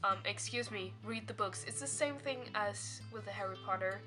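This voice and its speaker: A woman's voice: medium pitch, normal speed, over music. A woman talking casually in her own vlog, bubbly and rambling with frequent giggles. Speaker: vlogger.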